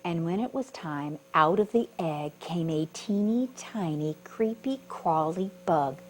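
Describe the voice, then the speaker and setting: Animated woman reading a children's story. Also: fairly low pitch, measured pace, rough recording. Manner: animated, asks the listeners questions. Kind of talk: children's storytime read-aloud.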